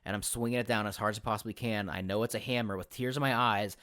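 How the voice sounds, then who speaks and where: A man hosting a casual podcast chat as a game master, telling stories in an animated way, acting out other people's lines and swearing freely. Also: fairly low pitch, fast, no room sound, clean studio sound. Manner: animated storyteller who acts out quotes and swears freely.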